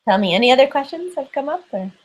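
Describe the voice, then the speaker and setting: A woman meditation teacher leading a group through breathing exercises in a calm, gentle, instructive way. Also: sits high, quick pace, poor audio.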